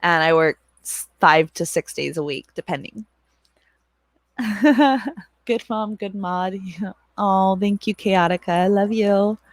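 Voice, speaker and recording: In her thirties, this woman hosts and moderates a laid-back livestream, chatting loosely with viewers at a middle pitch and a slow pace. She rambles, laughs a lot, and swears casually. The recording is close and dry, with no room sound.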